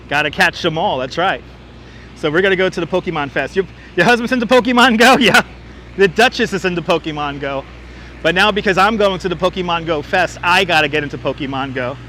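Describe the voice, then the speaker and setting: Man, livestream host, high bright voice, jokey comment reading, outdoors, clip-on mic, faint street noise. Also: expressive, fairly quick. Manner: chatty, jokey, reads comments aloud. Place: outdoors on a city waterfront street. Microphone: wireless clip-on mic.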